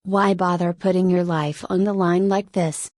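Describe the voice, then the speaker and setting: A woman's voice: on the low side, fairly even intonation, normal speed, a little mellow, no echo, clean studio sound, close to an everyday voice. Woman reading as a smug teenage boy. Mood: probing.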